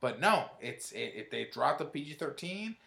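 A man co-hosting a casual movie review chat, speaking in a relaxed way with lots of fillers and restarts. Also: a little high, moderate pace, vocal fry, reverberant. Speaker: movie review show co-host.

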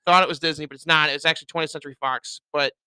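A man with a very bright, tense voice and a slightly high pitch. He co-hosts a podcast and talks loosely and jokingly, teasing his co-host and swearing casually, close to the mic. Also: fairly even intonation, rapid-fire, smooth, dry recording. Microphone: podcast mic on a stand, close.

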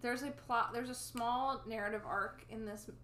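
Chatty bright-voiced woman co-host. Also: on the high side. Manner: chatty, animated, quick to argue back. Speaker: podcast co-host. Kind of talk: casual chat reviewing a movie. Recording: echoey room with faint background noise.

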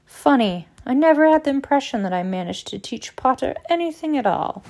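A woman voicing a cold, sneering male teacher who speaks quietly. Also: high-pitched, expressive, brisk, voice pushed up.

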